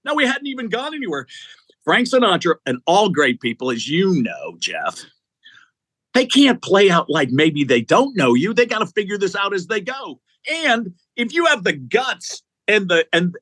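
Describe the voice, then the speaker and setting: A man's voice: high voice, normal speed, no room sound. A middle-aged man, an executive search CEO, telling stories as a guest in an interview, acting out the people he quotes. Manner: animated storyteller, acting out quotes. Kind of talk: storytelling in an interview.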